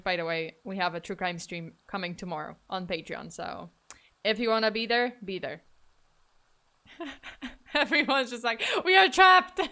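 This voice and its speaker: A woman's voice: medium pitch, bright, forceful tone. A woman streamer chatting casually with her viewers, playful and mock-dramatic, often laughing. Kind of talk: casual livestream chat.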